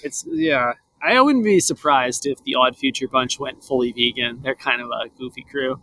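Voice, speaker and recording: A man's voice: mid-range voice, moderate pace, pushed and bright, rough recording. A man co-hosting a podcast, jokey and playful, laughing often. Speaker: podcast co-host. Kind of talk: casual comedic banter.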